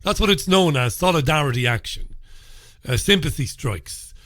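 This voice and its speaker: A man's voice: a little high, expressive, moderate pace, fairly bright tone, no echo, clean studio sound. Chatty opinionated Irish male radio host. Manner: chatty, opinionated, informal asides. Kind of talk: solo talk radio monologue. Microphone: studio microphone.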